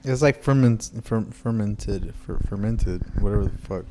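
A man's voice: on the low side, moderate pace, warm tone. A man in casual podcast chat, blunt and swearing often. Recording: faint background noise.

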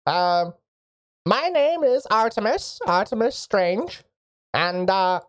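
A woman voicing an eccentric older male mage who is loud and eager, with a rustic way of talking. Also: mid-range voice, expressive, takes it slowly, voice pushed up. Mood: friendly. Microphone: voice chat microphone.

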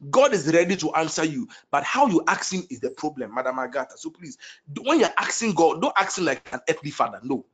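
A man's voice: on the high side, sing-song, fairly quick. A man leading prophetic prayer, declaring blessings over named people with fervent, repetitive declarations.

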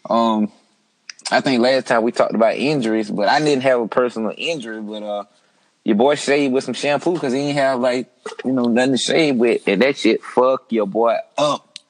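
A man's voice: mid-range voice, normal speed, rough recording. A man hosting a casual, crude group chat, laid-back and joking, with lots of slang. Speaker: podcast host.

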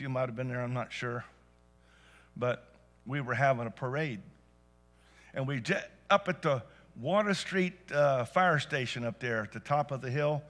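A man preaching a sermon to a church congregation, telling stories and rising to loud emphatic peaks. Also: mid-range voice. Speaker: pastor. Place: church service.

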